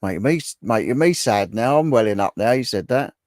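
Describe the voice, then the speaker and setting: A man's voice: medium pitch, expressive, brisk, darkish tone, no echo, studio quality. A man hosting a casual livestream, reading viewer comments aloud and chatting with them in a bantering, repetitive way. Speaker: livestream host.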